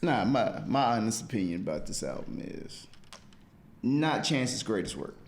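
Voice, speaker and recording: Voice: medium pitch, sing-song, moderate pace. A podcast co-host in casual chat, giving dry, plainspoken opinions.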